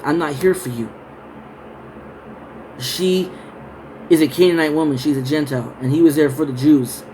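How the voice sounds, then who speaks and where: Male Bible teacher, slightly higher voice, unhurried verse reading, relaxed chatty explanation. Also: slight background noise, low-quality recording. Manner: reads verses slowly, then explains in loose conversational asides. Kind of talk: scripture reading and casual Bible study talk.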